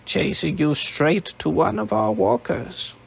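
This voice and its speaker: A man's voice: high-pitched, measured pace, creaky, slightly rough, voice pushed up, exaggerated voice. A man reading an audiobook, voicing a suspicious old woman leader with a crackly, scornful voice. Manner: scornful, dismissive.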